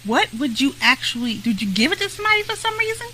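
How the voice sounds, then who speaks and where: A woman's voice: high voice, sing-song, quick pace, sharp tone, slight background noise, low-quality recording. A woman co-hosting a podcast, teasing and laughing a lot in casual chat. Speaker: podcast co-host.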